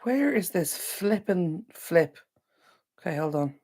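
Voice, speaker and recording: A woman's voice: on the low side, lively intonation, slow pace, a little mellow. An Irish woman hosting a casual live stream from home, chatting to viewers by name with lots of ums. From Ireland. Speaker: livestream host. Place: indoor home room near a window.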